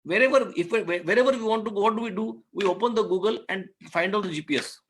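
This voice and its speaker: A man's voice: sits high, fast talker, fairly bright tone. A man giving an online masterclass, earnest and repetitive, telling a fable to make his business points. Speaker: guest speaker on business law.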